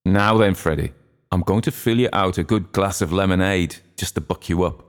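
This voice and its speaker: A man reading a storybook voices a jovial, tipsy older gentleman who jokes with sly mimicry. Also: low voice, normal speed, long reverb tail, natural voice. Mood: joking.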